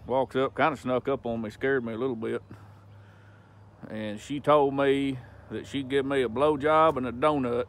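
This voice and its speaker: A man's voice: medium pitch, a little hiss or hum. A man outdoors by his driveway, giving a plain-spoken, casual warning to his viewers. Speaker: video poster. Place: outside at a home driveway.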